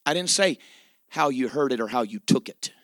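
A man preaching a sermon with emphatic delivery, dramatic pauses and repeated phrases. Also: mid-range voice, lively intonation, a bit bright, no room sound, studio quality.

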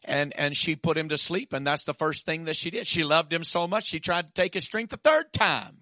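A man preaching a sermon, halting with repeated restarts and then building to emphatic declarations. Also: fairly high pitch, pushed and bright, no echo, studio quality.

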